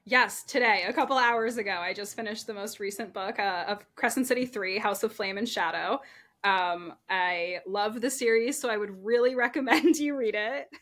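A woman's voice: medium pitch, normal speed, a bit bright. A woman appearing as a guest on a casual book podcast, bubbly and giggly. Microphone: remote recording software.

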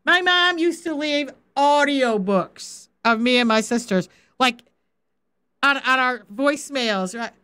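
High-voiced lady faith coach, chatty animated bible teaching, acts stuff out and laughs. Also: slow, clean tone. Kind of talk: informal live-stream Bible teaching.

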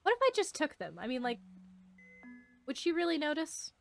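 A woman's voice: sits high, very animated, moderate pace, gravelly, long pauses, a bit bright, dry recording, soft background music. A young woman doing playthrough commentary, playful and jokey, swearing freely and putting on silly voices as she reads the game's lines aloud. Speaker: let's player.

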